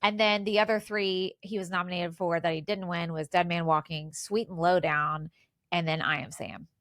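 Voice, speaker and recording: A woman in her forties co-hosts a casual podcast, chatting about film trivia with lots of fillers. Her voice is fairly low, a bit bright and steady in tone at a moderate pace, captured in a dry, clean studio recording.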